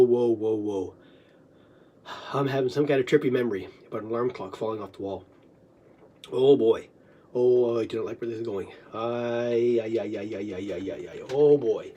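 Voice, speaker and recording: A person rambling through recalled memories in a solo recording, swearing constantly, swinging from muttering to loud outbursts, and breaking into coughing fits. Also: mid-range voice, brisk, slightly rough.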